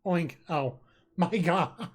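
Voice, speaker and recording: Live streamer, slow unhurried delivery, mid-pitched, laughs often while reading chat. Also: darkish tone. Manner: giggly, reacts with frequent laughter.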